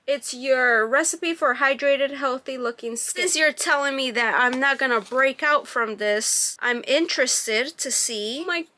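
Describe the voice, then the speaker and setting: A woman's voice: high-pitched, a little slow, hardly any pauses, bright, forceful tone. A woman vlogger chatting through a beauty box unboxing, reading product labels aloud and gushing over packaging. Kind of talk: casual unboxing review.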